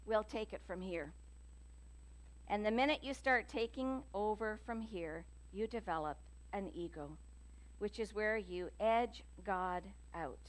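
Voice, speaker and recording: A woman minister giving a sermon in a church, telling stories in a chatty, lively way with many fillers. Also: medium pitch, unhurried. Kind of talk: sermon with jokes and readings. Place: church sanctuary.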